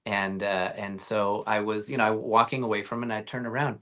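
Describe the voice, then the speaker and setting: A man's voice: on the low side, flat delivery, a little fast, few pauses, sharp tone. A man talking as a guest actor in a casual interview, telling rambling stories with lots of fillers and restarts over a video call.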